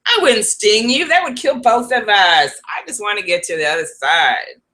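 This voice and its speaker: A woman voicing a sly, manipulative scorpion from a fable, with a smooth, reassuring manner. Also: mid-range voice, expressive, normal speed, pushed and bright, pitched above the performer's own voice. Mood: coaxing.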